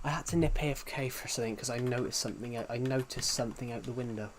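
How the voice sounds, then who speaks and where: A man's voice: medium pitch, quick pace, slight background noise. A man with a Southwest English accent streaming a game live, rambling and chatting casually to his viewers, often restarting his sentences. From England. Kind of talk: casual live-stream chat while gaming.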